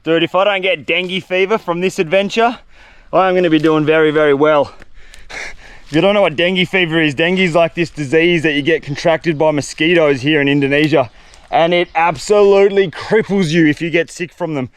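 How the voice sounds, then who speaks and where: Young bloke, survival vlogger, slightly high voice, excitable and slangy, filmed outdoors. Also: male voice, a little fast, smooth, no echo. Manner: excitable, slangy, talking to camera. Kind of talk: solo outdoor vlog narration. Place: outdoors in a tropical jungle.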